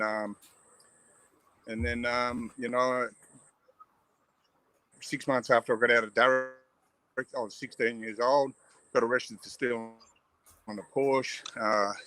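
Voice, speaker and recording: A middle-aged Australian man tells his own story in a frank, halting way. He talks over a video call in an ordinary mid-range voice. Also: medium pitch, level tone, bright, forceful tone, poor audio. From western Sydney, Australia. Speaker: guest, abuse survivor advocate. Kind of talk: personal testimony in an interview. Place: outdoor shed on a hill.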